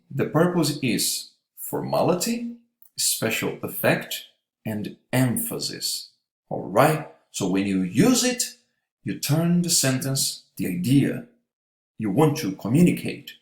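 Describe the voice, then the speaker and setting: A man teaching an English grammar lesson, patient, checking in with "all right?" after each point. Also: mid-range voice. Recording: echoey room.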